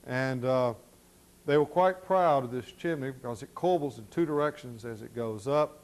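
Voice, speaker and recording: A middle-aged man telling folksy stories during an architecture slide lecture, halting with many fillers. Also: medium pitch. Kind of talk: storytelling lecture.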